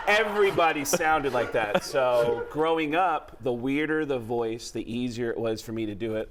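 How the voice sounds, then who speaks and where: A man's voice: mid-range voice, moderate pace, few pauses, background noise. A man from the Bronx, a comedian and impressionist guest, telling stories on a talk show and slipping into voices. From the Bronx, New York. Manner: animated, jumps into voices and impressions.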